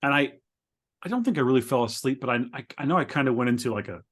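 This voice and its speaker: A man's voice: expressive, quick pace, fairly bright tone. Stammering, rambling male podcast co-host. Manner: rambling, stammering, laughs often while describing. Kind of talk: casual chat. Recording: lower quality than usual.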